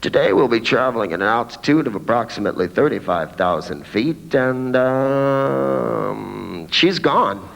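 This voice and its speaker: A stand-up comedian voicing a depressed male airline captain making a cabin announcement in a low mumbling monotone. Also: measured pace, vocal fry, pauses often, soft background music. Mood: dejected. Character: gloomy heartbroken male airline pilot.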